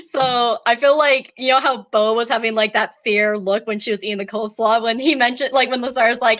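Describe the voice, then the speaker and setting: A giggly, chatty woman playing a tabletop game with friends, her voice a little high. She talks loosely and casually. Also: fairly even intonation, fairly quick, hardly any pauses, a bit bright. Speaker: player.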